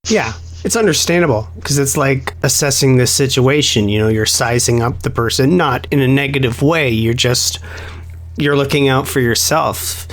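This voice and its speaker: A man's voice: mid-range voice, moderate pace. A man from Canada hosting a casual podcast interview, easygoing and affirming in a wordy way. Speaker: podcast host.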